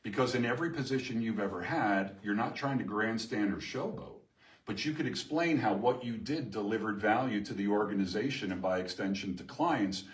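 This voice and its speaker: A middle-aged man presents a live seminar to an audience in a meeting room, lively and emphatic, often asking the room questions. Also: lowish voice, brisk. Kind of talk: live workshop talk to an audience. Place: chamber of commerce meeting room. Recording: echoey room from far off.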